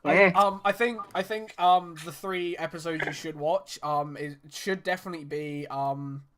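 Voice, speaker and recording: A man chatting on a group call, telling loud, self-mocking stories and often laughing. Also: fairly high pitch, normal speed, background noise. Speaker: voice actor and musician. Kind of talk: casual group call chat.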